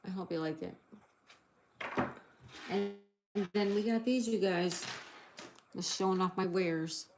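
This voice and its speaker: Speaking slowly with long pauses, this livestream host is a middle-aged woman with a medium-pitched voice. She chats, giggles and reads out viewers' comments. The room is echoey and the background noisy.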